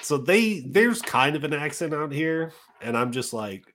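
Animated storyteller from Detroit. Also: male voice, fairly high pitch, a little slow. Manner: animated storyteller acting out voices. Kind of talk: casual chat.

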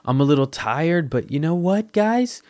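A man's voice: on the high side, expressive, normal speed, mellow, no echo, clean studio sound. A man hosting his own podcast in a crude, giddy, rambling, self-mocking monologue into his microphone. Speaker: podcast host.

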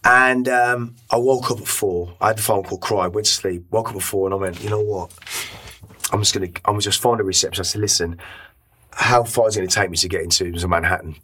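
A man's voice: lowish voice, steady tone, fairly quick, bright, forceful tone, breathy edge. A middle-aged man, a podcast guest, telling an emotional story in a rambling way, with many restarts and casual swearing. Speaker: interview guest.

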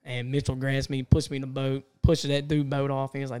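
A young man with a drawl tells a wild story to his buddies. His voice is smooth and clear, and he talks with loud, cussing energy, jumping into other people's voices as he goes. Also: medium pitch, brisk, hardly any pauses. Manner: animated, swearing, acts out the voices of others. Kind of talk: casual storytelling among friends.

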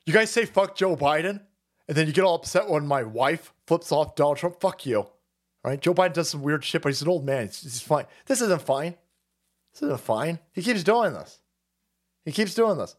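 A man's voice: fairly high pitch, lively intonation, normal speed. A man hosting a livestream, ranting in a foul-mouthed, mocking way. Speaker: livestream host. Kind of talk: profane political rant.

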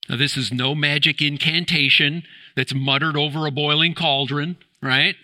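Man, pastor, sermon, church, bright tense voice, rhetorical questions, emphatic. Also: fairly high pitch, fairly even intonation, normal speed.

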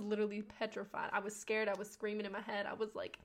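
A young adult woman hosting a podcast, telling a personal story in a chatty, slangy, animated way and swearing now and then. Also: fast talker, few pauses. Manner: chatty and animated, slangy, swears, acts out quotes with big pitch jumps. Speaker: podcast host. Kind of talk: casual storytelling monologue.

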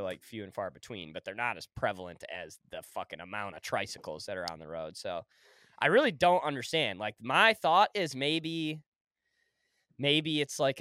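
A man co-hosting a podcast, animated and quick to laugh in casual chat. His voice swings widely with a bright, smooth tone. It is recorded dry and close. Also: mid-range voice, no echo. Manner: animated, laughs easily, swears. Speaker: podcast co-host.

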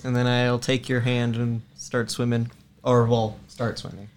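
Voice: mid-range voice, level tone, measured pace. A player in a tabletop game, talking hesitantly with many fillers.

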